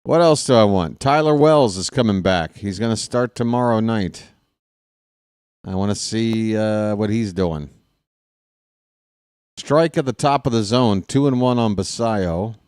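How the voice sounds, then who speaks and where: Man, solo baseball caller, casual and jokey, unhurried pace, clean dry recording. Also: darkish tone, smooth, no echo. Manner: casual, self-deprecating, jokey between pitches. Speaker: fan play-by-play broadcaster. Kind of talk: solo baseball play-by-play with chatty asides.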